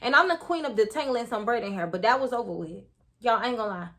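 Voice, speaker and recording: A woman's voice: on the high side, lively intonation, fast, pushed and bright. A young woman telling a casual storytime to her viewers, chatty and full of slang, talking straight to the audience.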